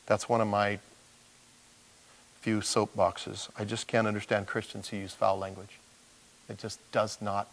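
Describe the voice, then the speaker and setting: There's a little hiss or hum as a middle-aged pastor preaches in a fairly low voice, speaking a little slowly with long pauses. He animatedly acts out the voices of the characters while telling the story to his congregation.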